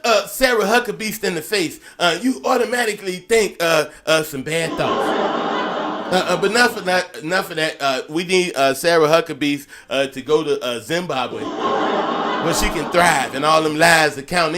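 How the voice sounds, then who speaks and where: Aave-speaking comedian guy doing fake news, kinda high voice, rambling, lots of uhs and chuckles, swears a lot. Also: very noisy. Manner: rambling, profane, lots of "uh" fillers, chuckles between lines. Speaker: comedian hosting a mock news show. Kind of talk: improvised comic news monologue. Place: Las Vegas.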